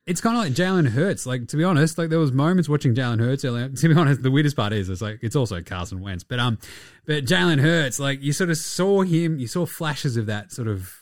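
A man's voice: mid-range voice, brisk, dry recording, studio quality. A young Australian man co-hosting a sports podcast, swearing freely and joking in casual chat. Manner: swears freely, animated and jokey. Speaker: podcast co-host.

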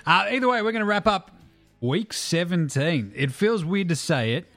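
A man's voice: sits high, animated, normal speed, fairly bright tone, no room sound, faint music behind. An Australian man in his thirties co-hosting a casual podcast, joking and swearing loosely, recorded on a phone in a small room. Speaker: podcast co-host.

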